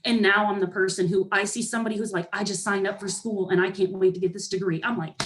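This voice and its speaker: A young woman giving a lively pep talk to her team, sassy and animated, often acting out other people's voices. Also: mid-range voice, fast talker. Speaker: motivational speaker to a sales team.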